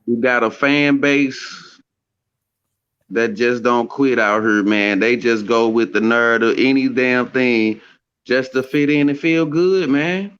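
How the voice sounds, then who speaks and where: Male co-host, slow drawl, mid pitch, slightly muffled lo-fi sound. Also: fairly bright tone, clean tone. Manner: drawling, slow, ends phrases with man. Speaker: boxing podcast co-host. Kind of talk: casual chat.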